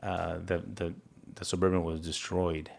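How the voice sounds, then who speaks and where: A man giving an interview, earnestly retelling a frightening event with halting restarts and quoted dialogue. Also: low-pitched, little pitch movement, vocal fry. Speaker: interview guest, federal agent. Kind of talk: personal account in an interview.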